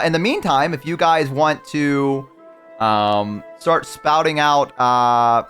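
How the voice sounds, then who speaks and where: A man's voice: a little high, pushed and bright. A man streaming live, talking casually and rambling as he answers chat mid-sentence.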